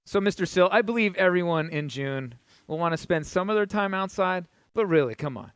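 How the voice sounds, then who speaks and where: A man's voice: high-pitched, lively intonation, brisk, a bit bright, smooth, no room sound, studio quality. A man giving enthusiastic color commentary on an esports match, explaining characters and equipment. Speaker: esports co-caster, game analyst.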